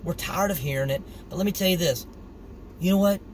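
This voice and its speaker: Middle-aged man, street preacher, earnest casual sermon, slightly high voice, faint traffic noise behind. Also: a little fast, rough recording. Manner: earnest, conversational, animated when retelling the story. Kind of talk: informal scripture teaching.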